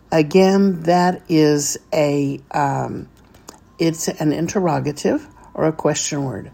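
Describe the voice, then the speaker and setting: A low, mellow-voiced woman leads a slow, patient vocabulary lesson. She spells out each word piece by piece and repeats it for the listener to say back. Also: gravelly, husky. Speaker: Hebrew teacher.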